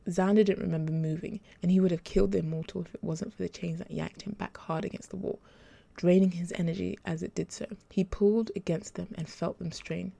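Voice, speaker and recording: Woman, audiobook narration, even measured reading, very gravelly, dark mellow tone. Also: fairly low pitch. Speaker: author reading her own story.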